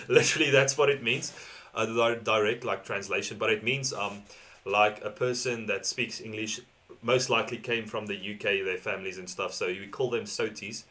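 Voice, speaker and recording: A man's voice: lowish voice, fairly even intonation, normal speed, bright, forceful tone. A man from South Africa with a South African accent, hosting a reaction video in rambling casual commentary and laughing often between thoughts.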